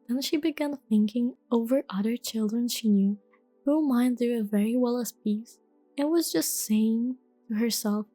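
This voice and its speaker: A woman reading a storybook aloud in a gentle, soft-spoken ASMR style. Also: on the high side, unhurried, dry recording, faint music behind. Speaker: storybook reader.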